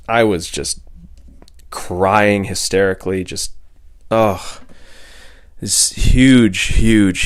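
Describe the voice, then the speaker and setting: A young man hosting his own channel, telling a personal story unscripted, earnest and emotional, stumbling and repeating words with long pauses. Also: low-pitched, creaky. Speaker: channel host.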